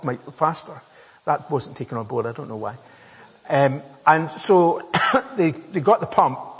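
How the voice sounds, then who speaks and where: A man's voice: mid-range voice, husky. A man preaching a sermon, telling a personal story in a chatty, self-mocking way with many fillers and restarts. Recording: echoey hall with long reverb.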